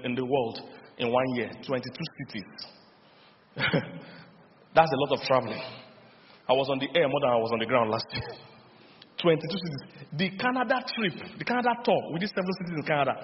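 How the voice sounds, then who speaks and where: Nigerian-accented pastor preaching in a reverberant hall. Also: male voice, medium pitch, noisy background. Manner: lively storytelling with laughs and call-and-response. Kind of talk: sermon. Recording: dull lo-fi sound with long hall reverb.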